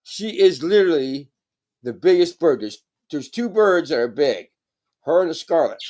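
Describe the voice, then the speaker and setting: A stoned man talks loosely and rambles, swearing as he goes. His pitch rides a touch high and bounces around a lot. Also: very animated, moderate pace, darkish tone. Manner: rambling, swearing, laid-back. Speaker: live streamer. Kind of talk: casual chat.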